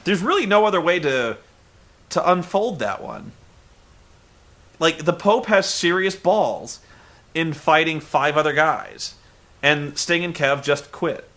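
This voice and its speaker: A man's voice: on the high side, lively intonation, slow, pauses often, pushed and bright. A man reviewing a wrestling show in a sarcastic, exasperated comedic recap.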